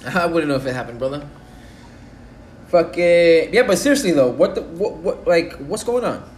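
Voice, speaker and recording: A man's voice: fairly high pitch, lively intonation, moderate pace, darkish tone. A young man co-hosting a casual podcast, cursing and laughing through slangy banter. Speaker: podcast co-host. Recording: echoey room with faint noise.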